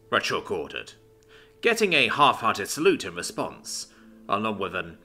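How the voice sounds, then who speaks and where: Male storyteller, very animated delivery, soft music bed. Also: on the low side, normal speed. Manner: expressive storytelling. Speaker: narrator. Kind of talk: scripted narration.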